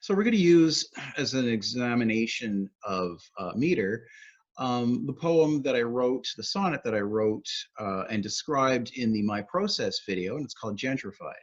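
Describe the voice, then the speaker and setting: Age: adult. Sex: man. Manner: upbeat teacher, husky voice. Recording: dull, lo-fi. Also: mid-range voice, animated, moderate pace. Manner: upbeat, explanatory, taps out rhythms aloud. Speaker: poet laureate teaching poetry. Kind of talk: educational video talk.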